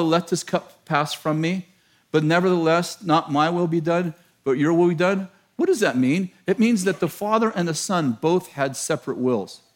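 A middle-aged man preaching a sermon, telling a story in an animated, self-mocking way and laughing often. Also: a little high.

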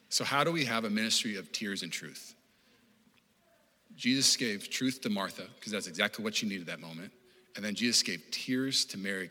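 A man preaching a sermon as pastor, animated and conversational, acting out the voices he quotes, with frequent restarts. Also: on the low side, big-room sound. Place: church auditorium.

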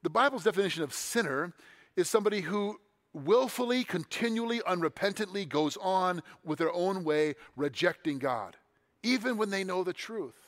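A pastor preaching a sermon in an easy, conversational way, dropping quiet and then pressing points with emphasis. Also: male voice, high-pitched, lively intonation, normal speed.

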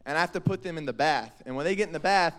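Young guy preaching to kids, kinda high voice, jokey and animated. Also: very fast. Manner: animated, joking, quotes people in voices. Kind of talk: lively youth sermon. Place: church hall.

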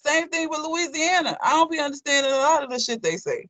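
A person from Alabama chatting casually in a relaxed, measured way. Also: sits high, dry recording. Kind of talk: casual chat.

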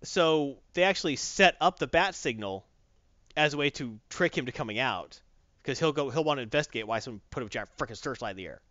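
A man in casual chat, retelling a comic story in a rambling, animated way with lots of fillers. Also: mid-range voice, a little fast, dry recording, highs cut off.

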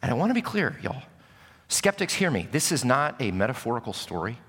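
A man preaching a sermon, telling stories with sudden shouts and hushed drops. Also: mid-range voice, big pitch swings, a little fast, husky. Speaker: pastor. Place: church sanctuary. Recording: reverberant church hall. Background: long hall reverb.

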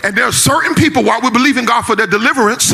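A man preaching a sermon in a shouting, sing-song cadence, repeating phrases and calling out to the congregation in a folksy way. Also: extremely high pitch, racing, vocal fry, soft background music. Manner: folksy, repetitive call-outs to the congregation.

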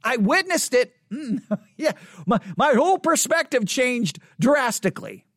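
Pastor preaching from the pulpit, animated and emphatic, dry close sound. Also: high voice, unhurried, dry recording. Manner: animated, rising to indignant emphasis. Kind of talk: sermon.

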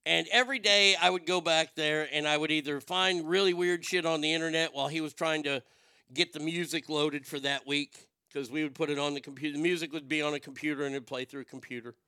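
A man's voice: on the high side, steady tone, fast, clear, resonant tone, dry recording, clean studio sound. A man hosting a radio show, telling a story and then going into a profane, building rant. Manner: profane, building to shouted outrage. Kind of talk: storytelling and ranting.

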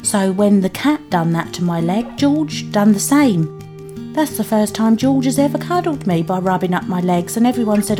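British woman, mid-pitched, earnest first-person storyteller over music. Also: lively intonation, moderate pace. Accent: British English. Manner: earnest, plain-spoken, emotional. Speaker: mother telling her story. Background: music underneath.

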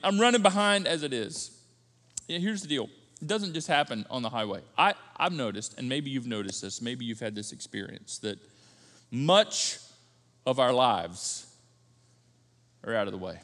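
Lively male pastor, bright high voice, casual storytelling delivery, long reverb of a church auditorium. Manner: conversational and animated, swings from loud to hushed. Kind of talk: sermon.

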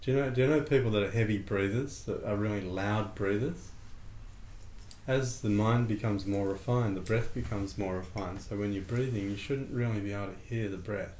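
A man leads a relaxed breathing lesson, calm and conversational. His voice sits low. The room has a noticeable echo and a faint background hum. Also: moderate pace. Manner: calm, conversational, acts out little dialogues. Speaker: breathing and meditation teacher. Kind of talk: relaxed spoken lesson with a student. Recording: echoey room with faint ambient noise.

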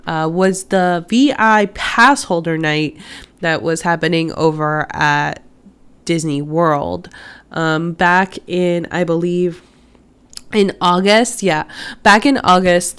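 A woman's voice: fairly low pitch, smooth. A young woman who hosts a podcast, talking casually while sick, with a nasal-sounding voice and many fillers and restarts. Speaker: podcast host. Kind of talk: casual chat.

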